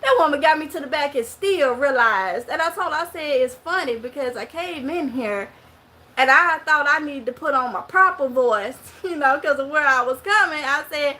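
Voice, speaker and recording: A woman's voice: high voice, moderate pace, bright, forceful tone. A middle-aged woman from Mississippi with a strong Mississippi Southern accent, talking casually to camera and telling a story in rural Southern dialect. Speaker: vlogger.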